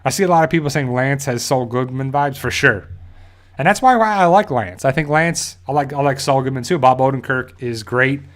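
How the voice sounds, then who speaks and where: A man in the middle of a casual recap, his voice sitting at an ordinary pitch. He rambles along with lots of fillers and restarts, slipping briefly into the characters' lines as he retells the scenes. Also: a little fast, a bit bright. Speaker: host of a TV review channel.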